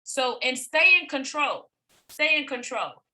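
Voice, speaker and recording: A high-pitched, bright-toned middle-aged woman delivers a motivational training talk to her team. She talks emphatically, repeating her points and tossing out rhetorical questions. Her bright voice carries a forceful, pushing edge. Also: lively intonation, unhurried, poor audio. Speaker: business coach presenting to a team.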